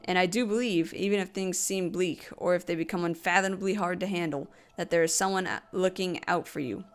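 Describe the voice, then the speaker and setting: A woman voicing a devout preacher who speaks calmly and reassuringly, offering comfort. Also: lowish voice, a little fast, lightly acted. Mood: consoling.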